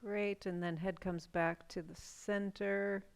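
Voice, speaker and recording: A middle-aged woman leading a chair yoga class, giving calm, gentle cues for breathing and stretching with casual asides. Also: mid-range voice, takes it slowly, vocal fry, clear, resonant tone. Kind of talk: guided class instruction.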